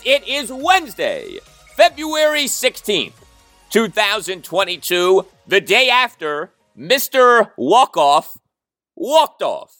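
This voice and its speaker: A man hosting a sports podcast, talking solo with emphatic, animated delivery and sardonic asides. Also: sits high, takes it slowly, soft background music. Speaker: podcast host. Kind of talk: sports talk podcast monologue.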